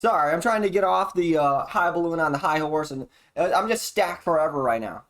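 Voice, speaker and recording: Streamer, solo stream, erratic profane rambler, pitch swings widely. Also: lively intonation, a little fast, a bit bright. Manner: erratic, profane and jumpy, with sudden laughs and exclamations.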